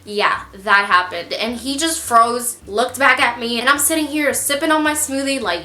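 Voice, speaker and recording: A young woman with a high, bright voice tells her stories straight to camera, animated and poking fun at herself. Her voice rings off the walls of a small, echoey room. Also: normal speed, few pauses. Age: young adult. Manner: animated, self-mocking, acts out quotes. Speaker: vlogger. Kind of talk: casual storytelling to camera.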